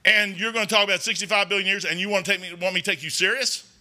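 High, bright-voiced preacher. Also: male voice, steady tone, rapid-fire. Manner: rambling, conversational, emphatic. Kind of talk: folksy sermon. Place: church.

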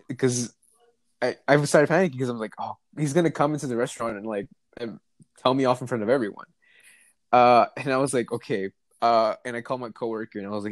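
A man's voice: medium pitch, a little fast, dry recording. A young man casually telling a work story, swearing freely and acting out the other people in it. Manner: laid-back storyteller, swears freely, acts out voices. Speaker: co-host telling work stories. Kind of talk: casual chat.

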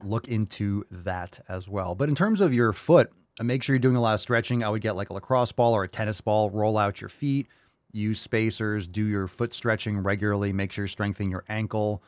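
A man's voice: on the low side, fairly quick, dry recording, studio quality. A man hosting a fitness call-in show, giving loose, joking and direct advice in a casual talking style.

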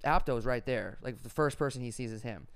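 A man's voice: medium pitch, fast, a bit bright, clean tone. A man hosting a podcast, telling a story in casual, laid-back chat and swearing freely. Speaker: podcast host.

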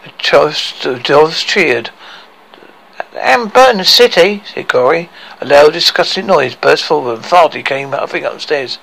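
A man making up a story as he tells it, halting and correcting himself. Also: on the high side, gravelly, fairly bright tone, poor audio. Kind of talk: improvised storytelling.

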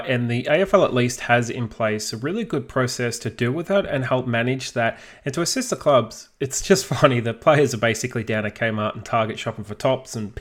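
A man with an Australian accent co-hosting a sports podcast, chatty and quick to laugh. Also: mid-range voice. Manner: chatty, laughs while talking. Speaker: podcast co-host. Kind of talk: casual sports chat.

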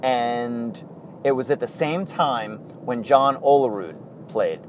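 Speaking slowly with lively intonation, a man of medium pitch hosts a relaxed one-person podcast, telling rambling stories punctuated by chuckles and self-corrections. Some faint background noise is audible.

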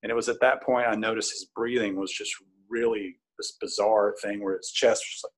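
A man's voice: fairly low pitch, steady tone, a little fast, husky. A man casually recounting a personal story, rambling with plenty of fillers and restarts. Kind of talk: casual spoken recollection.

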